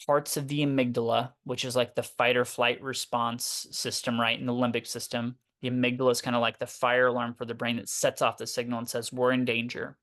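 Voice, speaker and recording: A man's voice: mid-range voice, fairly bright tone. A man working as a therapist, explaining ideas in a casual, conversational way, sometimes swearing and acting out examples of inner self-talk. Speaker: therapist guest.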